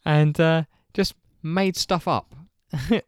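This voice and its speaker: A man's voice: on the high side, slow, no room sound, studio quality. A man co-hosting a podcast, telling a story in a rambling, amused way and laughing as he goes. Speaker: podcast co-host. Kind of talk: casual storytelling chat.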